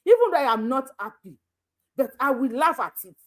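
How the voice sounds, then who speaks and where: A woman's voice: sits high, sing-song, fairly quick. A Nigerian woman hosting her own channel, talking casually and laughing a lot, switching between Yoruba and pidgin English. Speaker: YouTube channel host. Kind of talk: casual live commentary.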